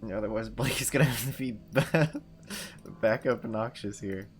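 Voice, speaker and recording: A man's voice: lowish voice, a little slow. A man chatting casually as a player in a group readthrough, with joking banter. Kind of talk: casual chat.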